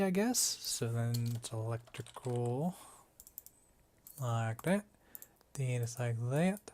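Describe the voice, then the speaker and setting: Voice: mid-range voice, darkish tone. Chatty let's-play host thinking aloud. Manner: thinks aloud, talks to the game and items; playful, self-mocking asides. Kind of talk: casual gameplay commentary.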